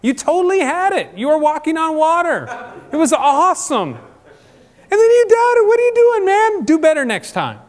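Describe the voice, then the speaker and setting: A man putting on an exuberant male coach who cheers on a friend, loud and laughing as he encourages him. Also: very high-pitched, big pitch swings, normal speed, in a large hall, pitched above the performer's own voice. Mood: excited.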